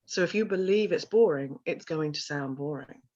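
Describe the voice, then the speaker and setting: A middle-aged woman with a lowish voice tells her story in an interview, animated and expressive. She is a vocal coach who slips into little voices when quoting people. The audio is somewhat dull and lo-fi. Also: normal speed. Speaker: vocal confidence coach and sound healer.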